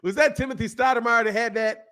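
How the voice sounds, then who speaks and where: A man hosting a boxing channel, talking in a casual, opinionated way, animated and laughing often as he answers his chat. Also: extremely high pitch, fast.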